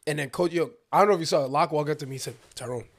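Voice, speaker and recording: A young man tells a game story in quick, tumbling bursts with a fairly high voice. He is animated and slangy and acts out each person he quotes. The talk is casual and loose. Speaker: basketball player.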